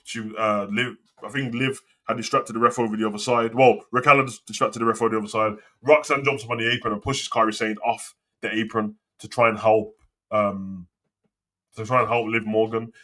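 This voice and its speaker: Ranting man, bright sharp voice. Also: medium pitch. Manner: swearing, ranting, slangy. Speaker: wrestling show host. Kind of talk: casual live commentary and rant.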